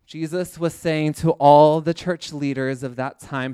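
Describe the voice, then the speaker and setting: A man's voice: on the high side, steady tone, a little slow, warm tone, smooth, no echo, clean studio sound. A man preaching a sermon, impassioned, building his points through repeated refrains. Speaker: pastor.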